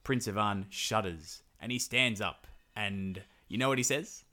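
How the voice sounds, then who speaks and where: A man's voice: on the low side, unhurried. A man casually retelling a folk tale on a podcast, acting out the characters' lines. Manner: animated storytelling, acts out characters' lines. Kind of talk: casual chat.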